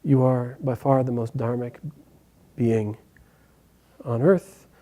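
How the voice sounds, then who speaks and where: Stern male lake spirit that gives commands in a mellow voice, as a storyteller puts him on. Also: medium pitch, fairly even intonation, slow, pitched below the performer's own voice, close to an everyday voice. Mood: approving.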